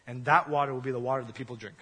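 A man preaching puts on a deep, slow, solemn voice of God, copying a famous deep-voiced actor. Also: fairly even intonation, bright, forceful tone, breathy edge. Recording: long hall reverb.

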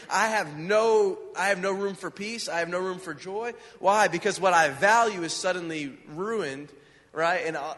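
A man's voice: sits high, sharp tone. A man giving an informal, conversational sermon, earnest and full of questions to his listeners, recorded with hall reverb. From United States. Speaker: preacher.

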